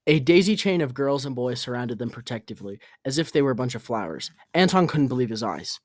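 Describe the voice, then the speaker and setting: A man reading an audiobook aloud, halting and correcting his own slips. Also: mid-range voice, expressive, dry recording, studio quality. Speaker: audiobook reader.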